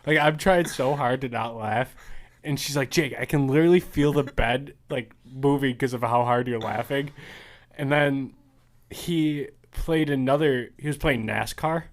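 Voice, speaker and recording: A young man co-hosting a casual podcast, telling animated stories and laughing through them. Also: mid-range voice, measured pace. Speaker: podcast co-host. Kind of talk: casual chat.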